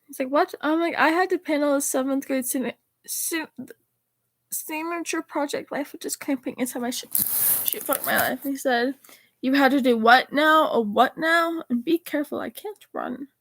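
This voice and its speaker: High-pitched teen girl reading texts. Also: normal speed, dry recording. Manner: animated, rambling, swears casually. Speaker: vlogger reading her text messages aloud. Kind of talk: casual chat reading out texts.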